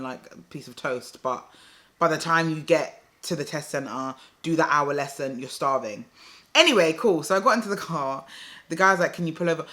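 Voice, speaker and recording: This is a young woman, chatting straight to camera. Her voice is bright and forward. She rambles casually and drops "like" into nearly every sentence. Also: sits low. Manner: chatty, fills speech with "like", addresses viewers as "guys". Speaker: vlogger.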